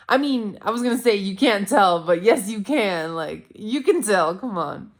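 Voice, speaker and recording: A woman's voice: medium pitch, expressive, measured pace. A woman in her twenties talking candidly to camera in a casual vlog, blunt and self-critical, rambling with lots of "like". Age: 20s. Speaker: vlogger.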